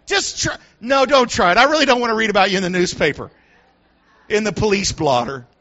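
A male pastor delivers an animated sermon. His voice sits high and sounds bright and forceful. He climbs to loud shouts and tosses in joking asides. The recording is dull and lo-fi. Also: fast.

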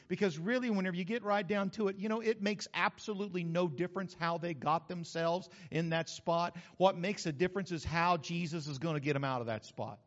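A man preaching a sermon as pastor, lively and conversational with asides to the congregation. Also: high voice, fairly quick, few pauses. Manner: animated preaching with asides and acted-out quotes. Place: church sanctuary. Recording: dull sound with long hall reverb.

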